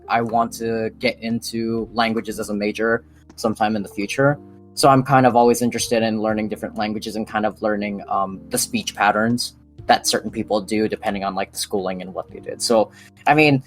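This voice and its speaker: A young man hosting a podcast, chatting casually in a relaxed, rambling, slangy way. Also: medium pitch. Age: young adult. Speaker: podcast host. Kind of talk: casual chat.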